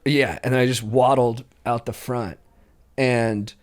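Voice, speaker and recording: Man telling a story with animated delivery. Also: medium pitch, slow pace. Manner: animated, acts out quotes, laughs through his stories. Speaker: comedian guest. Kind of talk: casual podcast storytelling.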